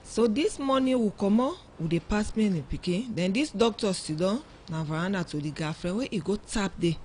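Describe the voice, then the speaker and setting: Sierra Leonean Krio-speaking mother, lively telling. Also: medium pitch, brisk, a little hiss or hum. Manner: animated storytelling, acts out quoted dialogue. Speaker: mother of a young girl, guest. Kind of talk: emotional first-person account on radio. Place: radio studio.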